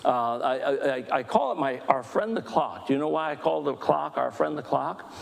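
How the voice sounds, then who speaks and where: A man leading a church book discussion, talking fast with animated, self-deprecating humor. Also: on the high side, vocal fry, long reverb tail. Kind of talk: church teaching talk. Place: church hall.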